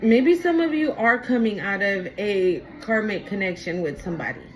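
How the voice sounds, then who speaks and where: A woman's voice: mid-range voice, expressive, moderate pace, slight background noise, poor audio. A woman giving a casual spoken tarot reading to her viewers, talking in an emphatic, repetitive way. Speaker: tarot reader.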